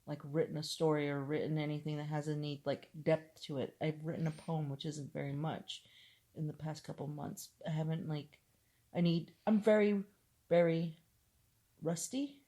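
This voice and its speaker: Lower-voiced woman chatting casually. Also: steady tone, moderate pace, warm tone. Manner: rambling, laughs often, swears casually. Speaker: podcast co-host. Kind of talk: casual chat.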